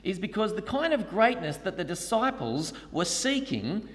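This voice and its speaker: Guy preaching a sermon, high voice, bouncy, big church reverb. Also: sing-song, moderate pace. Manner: storytelling, acts out voices in quotes. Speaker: pastor.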